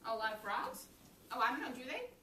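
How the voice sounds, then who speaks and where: A woman teaching preschoolers speaks in a high, swooping voice and cheers the children on. She is picked up from a distance in an echoey classroom. Loud noise fills the background. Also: very animated, brisk. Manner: bright, encouraging reactions to the children.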